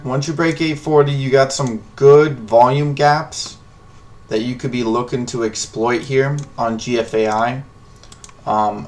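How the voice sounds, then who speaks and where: A man hosting a live stock trading stream, joking loosely and thinking aloud as he reads the charts. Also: mid-range voice. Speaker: stock trading livestream host. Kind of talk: casual live trading commentary.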